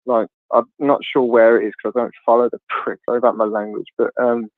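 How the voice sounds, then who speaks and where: A man's voice: mid-range voice, little pitch movement, a little fast, dry recording. Blunt rambling man on a tinny line. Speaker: livestream host. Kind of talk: casual chat. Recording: tinny phone-like line, dry.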